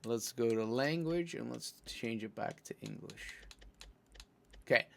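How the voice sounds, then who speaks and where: A man from Italy gives relaxed gameplay commentary as he clicks through menus. His voice sits in an ordinary middle pitch. He tends to explain things at length in a chatty way. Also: measured pace, gravelly, a little hiss or hum. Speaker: streamer.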